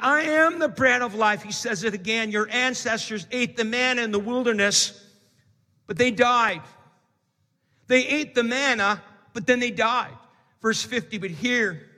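A man delivers a sermon to his congregation. His voice sits very high and rings bright as he climbs into shouted emphasis. The sound carries a long reverb from a large church hall. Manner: preaching with rising, shouted emphasis. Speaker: pastor.

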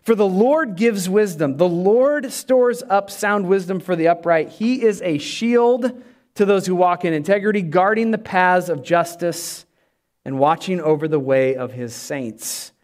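A male pastor preaching a sermon with emphatic delivery that drops to soft, prayerful tones. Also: sits high, measured pace.

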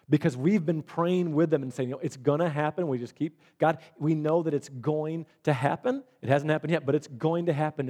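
A middle-aged man delivers a sermon in an animated storytelling style. He acts out the voices of the people in his stories, and his voice sits slightly high for a man. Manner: animated storyteller acting out quoted dialogue. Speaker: pastor.

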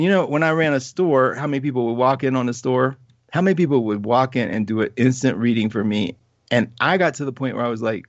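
A man hosting an astrology show, telling a self-mocking story in a chatty, animated way with many "like"s. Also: medium pitch, dry recording, highs cut off. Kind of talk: casual storytelling monologue.

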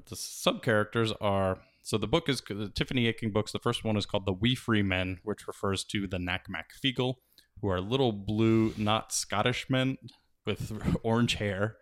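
A man and father talking casually about reading books to his children, enthusiastic and a bit rambling. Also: on the low side. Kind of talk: casual chat.

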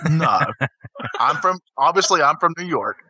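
A man co-hosting a podcast in casual chat, playful and musing, with hesitant pauses. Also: on the high side, expressive, bright, forceful tone, dry recording. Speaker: podcast co-host.

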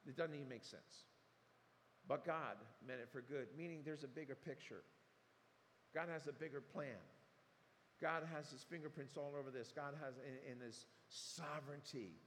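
A male pastor delivers a sermon, retelling the story animatedly and acting out the quotes. His voice sits fairly high for a man. The sound carries a long hall reverb over a faint room hum. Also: normal speed, pauses often, fairly bright tone.

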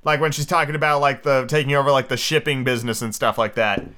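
A man's voice: mid-range voice, fairly even intonation, fast, pushed and bright. Brief: casual male host, mid voice, reading a story aloud and drifting into chatty tangents. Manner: rambling, filler-heavy asides. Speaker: podcast host. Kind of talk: casual book reading with asides.

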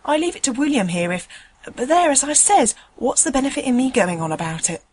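A woman's voice: high-pitched, big pitch swings, brisk, a little mellow, slightly rough, voice pushed up, heavily acted. A woman voicing a chatty, indignant male tram conductor, rambling in folksy dialect. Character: chatty working-class male tram conductor, middle-aged.

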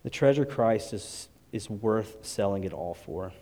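A man's voice: lowish voice, expressive, unhurried, dark tone. A man preaching a sermon at a church service and closing in prayer. He talks in an earnest, conversational way, often restarting his sentences. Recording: long reverb of a large hall.

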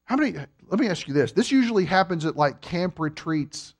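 A man preaching a sermon, teaching from scripture and joking with his congregation, swinging from soft asides to emphatic peaks. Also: fairly high pitch, brisk, few pauses.

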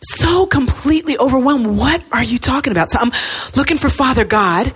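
Breathy woman telling a testimony. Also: brisk. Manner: animated storytelling, swings into high excited self-mockery. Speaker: speaker. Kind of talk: personal testimony message.

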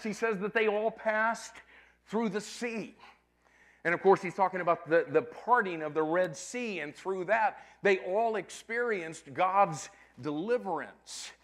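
Male preacher, high pitch, slow deliberate emphatic sermon delivery. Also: a bit bright. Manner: emphatic, calls to the congregation.

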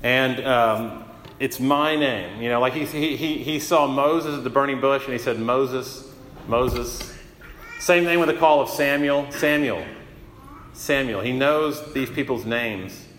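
Middle-aged pastor preaching in an echoey hall. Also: male voice, mid-range voice, moderate pace, fairly bright tone, slight background noise. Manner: conversational, self-deprecating, with frequent restarts. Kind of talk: sermon. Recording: roomy hall with long reverb.

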